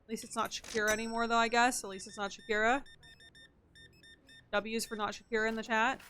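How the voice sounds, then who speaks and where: Bright-voiced chatty woman streamer. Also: fairly high pitch, flat delivery, brisk, a little hiss or hum. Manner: chatty, muttering counts and items while playing. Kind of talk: casual gameplay streaming chat.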